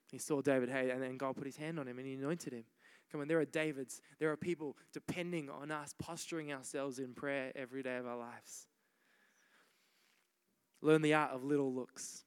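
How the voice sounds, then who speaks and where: Young Aussie male pastor, fairly high smooth voice, energetic and repetitive preaching, big reverberant hall. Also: brisk. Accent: Australian. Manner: energetic, repeats himself, exhorting "come on". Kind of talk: sermon. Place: large church hall.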